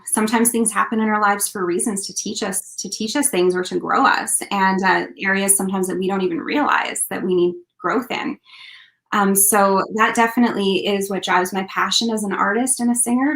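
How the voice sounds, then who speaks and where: Woman in an interview, earnest and heartfelt, lots of um and uh, mid-pitched voice. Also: steady tone, normal speed, a bit bright. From Canada. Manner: earnest, heartfelt, many fillers. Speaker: country singer, interview guest. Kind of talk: casual interview storytelling.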